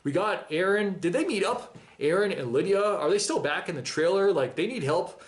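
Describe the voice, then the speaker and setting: A reaction channel host with a high-pitched, animated voice gives a casual monologue about a TV episode at normal speed. He's enthusiastic and emotional, full of slang, and nearly chokes up, close to tears.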